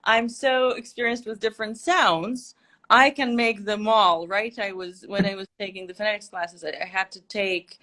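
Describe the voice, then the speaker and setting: A Russian-born woman, a native Russian speaker whose English sounds nearly American, is a guest on a casual livestream interview, explaining things through examples. Her medium-pitched voice is bright and pushed, with a steady tone and moderate pace.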